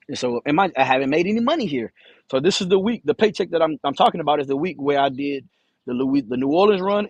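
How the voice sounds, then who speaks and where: A man's voice: medium pitch, no echo, lo-fi sound. A man who drives a truck, telling a rambling, profane story to camera, stuttering and repeating himself. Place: in his truck.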